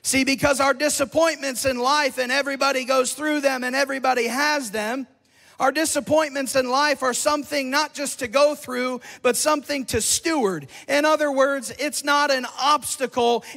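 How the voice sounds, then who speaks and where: High-pitched fervent revival preacher. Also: male voice, steady tone, normal speed, gravelly. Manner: fervent, shouting, sing-song cadence. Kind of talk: revival sermon. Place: large church hall. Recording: long church reverb.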